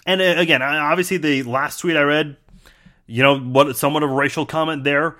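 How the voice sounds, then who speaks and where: Wry man from Iran, higher voice. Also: steady tone, fairly quick, bright, forceful tone. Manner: wry, amused, frequent filler words. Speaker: podcast host. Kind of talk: casual monologue reading mean comments.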